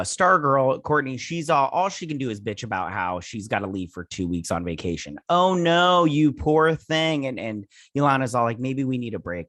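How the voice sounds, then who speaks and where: A man's voice: mid-range voice, no room sound, clean studio sound. Man rambling through a casual TV recap. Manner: rambling, animated retelling with quick quoted character bits. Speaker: show host reviewing a TV episode.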